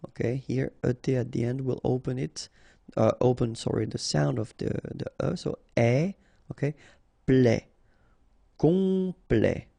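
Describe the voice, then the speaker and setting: Slow, gravelly French-accented male teacher. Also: mid-range voice, warm tone, no echo. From France. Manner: slow, patient, repeats and spells out each word. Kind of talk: pronunciation drill.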